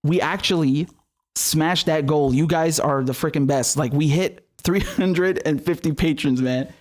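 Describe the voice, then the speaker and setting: A man's voice: fairly high pitch, measured pace. A man hosting his own independent news show, thanking his viewers in a casual, earnest way while running short on sleep. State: tired from lack of sleep. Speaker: independent journalist host. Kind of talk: casual direct-to-camera outro.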